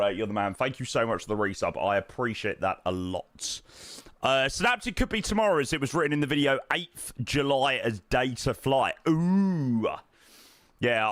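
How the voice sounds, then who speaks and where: A young man streaming flight simulator games from home chats casually and thanks his viewers with self-deprecating humor. His voice is medium-pitched, animated and fairly bright, at a normal speed, in a dry recording.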